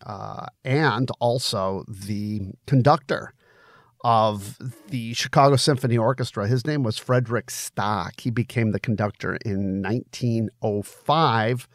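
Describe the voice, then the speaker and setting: A man's voice: fairly low pitch, unhurried, no room sound. A man reading his own novel aloud, then chatting casually about it with many hesitations and fillers. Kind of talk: audiobook narration then casual commentary.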